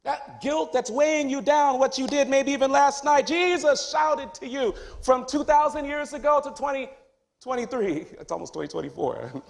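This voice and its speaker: A man preaching a sermon as pastor of a church, dropping to hushed tones and then rising to loud, high exclamations. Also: animated, moderate pace, vocal fry. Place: church sanctuary.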